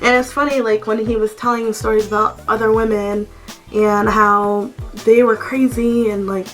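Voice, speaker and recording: A young woman telling a storytime vlog as a casual rant, animated and full of swearing and "like" fillers. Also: fairly high pitch, normal speed, faint music behind, low-quality recording. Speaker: vlogger. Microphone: camera mic.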